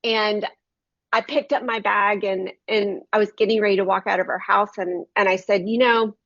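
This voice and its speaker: A woman's voice: mid-range voice, flat delivery, moderate pace, creaky, fairly bright tone, dry recording. A woman shares a heartfelt Christian devotional story in an earnest, personal voice, talking straight to her listeners. The recording is dry and close, with a slightly dull, lo-fi sound. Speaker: Christian book reviewer.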